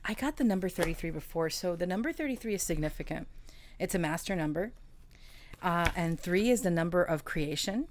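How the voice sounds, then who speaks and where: A woman's voice: fairly low pitch, lively intonation, brisk, background noise. A woman giving a casual tarot reading, effusive and emotional, often laughing as she reads the cards aloud. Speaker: tarot reader.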